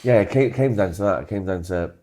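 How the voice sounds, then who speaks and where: A man's voice: low voice, fast talker, warm tone. A man in casual conversation who tells a personal story with a self-deprecating touch. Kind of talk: casual chat.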